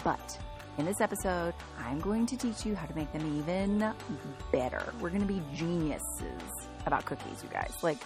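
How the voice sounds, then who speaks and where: A woman hosting her own podcast, teaching in a bubbly, chatty, excitable way and sounding a little out of breath. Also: fairly low pitch, moderate pace, music in the background. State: a bit out of breath. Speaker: podcast host. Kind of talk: upbeat solo podcast teaching.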